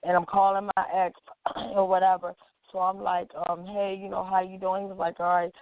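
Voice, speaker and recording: A woman's voice: medium pitch, little pitch movement, normal speed, no room sound. A woman activist telling an emotional personal story, acting out the dialogue as she goes. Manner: acts out quoted dialogue as she talks. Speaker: activist guest. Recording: tinny phone-like line, dry.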